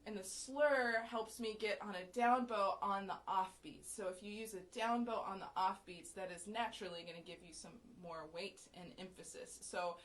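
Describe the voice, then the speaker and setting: A woman from the USA giving a relaxed, explanatory fiddle lesson, often checking in with "right?", with violin playing between phrases. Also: mid-range voice, moderate pace, few pauses, soft background music. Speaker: violin teacher. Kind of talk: casual music lesson with fiddle demonstrations.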